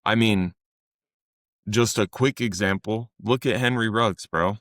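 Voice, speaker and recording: Earnest low-voiced man on a dry podcast mic. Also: measured pace, a bit bright, no echo. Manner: earnest, conversational, acts out quotes with raised voice. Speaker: fitness coach and podcast co-host. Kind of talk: casual podcast chat.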